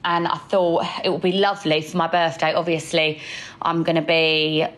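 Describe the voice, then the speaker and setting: Young female co-host, heavily pregnant, low-ish voice, casual chatty delivery. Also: level tone, moderate pace, rough recording. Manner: chatty, upbeat, planning aloud. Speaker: podcast co-host. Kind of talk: casual chat.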